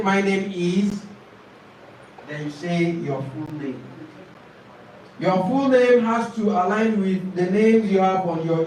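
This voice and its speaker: A man teaching a speaking-test lesson, repeating and modelling answers slowly and emphatically. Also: high-pitched, a little mellow, slight background noise. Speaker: IELTS speaking coach. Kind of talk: classroom lesson to camera. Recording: very echoey classroom from far off.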